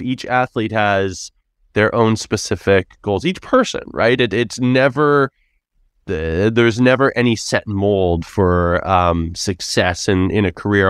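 A man's voice: lowish voice, clear, resonant tone, no room sound, studio quality. A man hosting an interview, asking thoughtful, searching questions. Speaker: interviewer, host.

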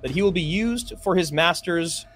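A man's voice: high-pitched, animated, normal speed, fairly bright tone, soft background music. A man co-hosting a trivia game, reading out questions and teasing the host in a dry way.

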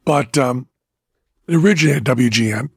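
A man's voice: mid-range voice, normal speed, slightly rough, no room sound, studio quality. An older man hosting a casual chat, rambling and teasing his daughter. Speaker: podcast host.

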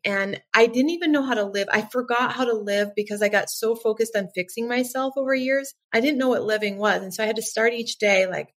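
A woman's voice: mid-range voice, moderate pace. A middle-aged woman guest on a podcast, earnestly recounting her experience in casual conversation and acting out her past thoughts. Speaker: podcast guest, nervous system coach. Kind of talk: casual interview chat.

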